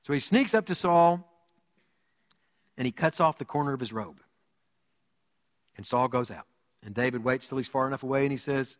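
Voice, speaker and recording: A man preaching a sermon as pastor, telling stories with big swings from loud to hushed. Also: medium pitch, normal speed, pauses often, in a large hall. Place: church sanctuary.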